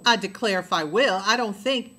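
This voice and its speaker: A woman's voice: medium pitch, normal speed, fairly bright tone, natural voice. A woman voicing a feisty tomboy girl who argues back, in an audiobook reading. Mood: defiant. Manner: defiant, argumentative.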